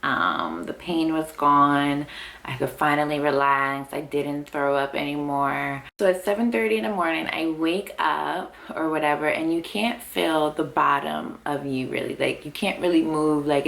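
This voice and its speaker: Chatty low-voiced woman, gravelly edge. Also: fairly bright tone. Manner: chatty, says "like" constantly, laughs often. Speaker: vlogger. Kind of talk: casual storytelling to camera. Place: at home with her baby.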